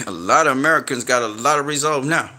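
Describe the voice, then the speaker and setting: A man's voice: mid-range voice, quick pace, bright, forceful tone. A man in an unscripted rant to his viewers, blunt and heavily profane, lecturing and warning them in emphatic slangy talk that grows heated. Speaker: online commentator.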